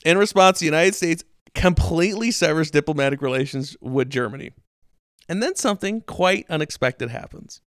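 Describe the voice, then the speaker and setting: Lively, clear-voiced man telling history. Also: fairly high pitch, normal speed, dry recording, studio quality. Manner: animated, swears, acts out quotes in silly voices. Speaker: podcast host. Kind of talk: casual history storytelling.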